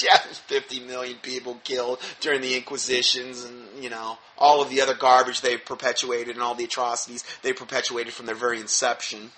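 A man's voice: mid-range voice, level tone, fairly quick, few pauses, pushed and bright. A man reading aloud from an article and breaking in with sarcastic, mocking commentary, often repeating and restarting words.

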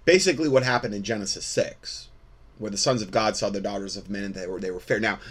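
A man with a fairly low voice talks through a Christian commentary show. He speaks conversationally and often repeats words and restarts his sentences. His tone turns preachy as he explains scripture. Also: fast, fairly bright tone, breathy edge. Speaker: host. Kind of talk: casual commentary.

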